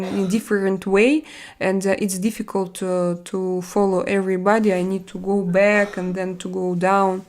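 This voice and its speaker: A middle-aged woman with a Russian accent and Russian as her first language, hosting a casual live-stream chat and answering viewers in halting speech full of fillers and restarts. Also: mid-range voice, a little mellow. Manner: blunt and chatty.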